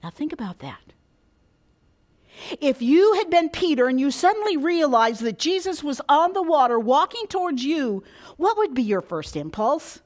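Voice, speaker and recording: High-voiced woman preaching a dramatic sermon. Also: very animated, normal speed. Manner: dramatic, drops to whispers and rises for emphasis.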